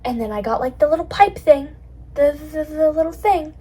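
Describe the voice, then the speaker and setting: A woman's voice: high voice, lively intonation, moderate pace, mellow, low-quality recording. A young adult woman hosting a casual solo chat, rambling in a bubbly way with lots of fillers. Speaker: podcast host.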